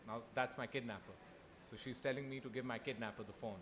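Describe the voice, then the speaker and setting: A young man from Pakistan telling his own story on a festival stage, earnest and halting, with many restarts. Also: medium pitch, fairly even intonation, background noise. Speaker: festival speaker. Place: festival hall.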